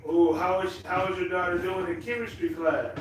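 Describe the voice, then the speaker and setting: A man's voice: high voice, fairly even intonation, normal speed. Man co-host, joking banter, far from the mic, very echoey with noise. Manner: joking, reads out viewer comments. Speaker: co-host, host's husband. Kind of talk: casual banter. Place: home kitchen.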